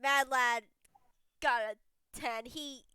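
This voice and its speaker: Woman player, bright clear voice, slightly high, dry recording. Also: steady tone, drawn-out words, no echo. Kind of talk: narrating her character's actions.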